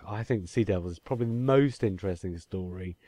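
A man's voice: low voice, brisk, mellow, dry recording. A man, co-hosting a casual podcast chat and reading listener emails aloud. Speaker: podcast co-host.

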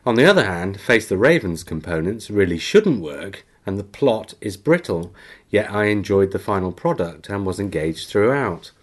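A podcast host reading a listener's email aloud in casual chat, with chatty, self-mocking asides and easy laughter. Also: male voice, on the low side, big pitch swings, normal speed.

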